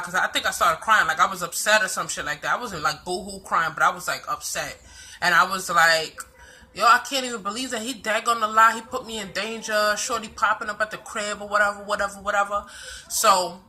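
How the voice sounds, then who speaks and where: A woman's voice: medium pitch, sharp tone. A young woman from the Bronx with a New York accent, telling a personal story to camera in a blunt, profane, slang-heavy way. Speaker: vlogger.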